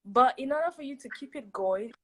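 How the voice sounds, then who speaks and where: Higher-voiced woman on a video call, chatty and animated, keeps repeating her points. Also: fairly quick, a little hiss or hum, low-quality recording. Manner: animated, laughing, emphatic repetition. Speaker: guest. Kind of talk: casual chat on a video call.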